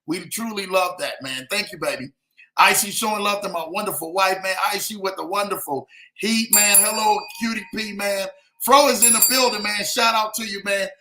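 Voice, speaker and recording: A man hosting a casual livestream, hyping viewers with shout-outs and repeated "man" between phrases. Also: high voice, normal speed, reverberant, background noise. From lives in Denver. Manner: hype, repetitive "man" and "in the building". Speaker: livestream host.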